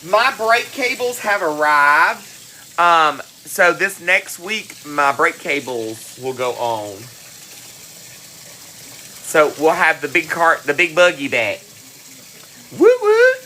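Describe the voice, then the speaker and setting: A woman's voice: low-pitched, lively intonation, slow pace, bright, forceful tone, slight background noise, low-quality recording. A woman hosting a cooking livestream, greeting viewers by name in a chatty, affectionate way. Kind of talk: casual live-stream chat. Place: home kitchen.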